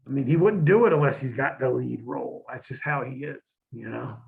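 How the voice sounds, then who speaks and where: A creaky, expressive, medium-pitched voice moves briskly as this ex-pro wrestler shares casual, profane stories in a shoot interview. He's blunt, reenacts old arguments, and the audio sounds tinny, like a phone line.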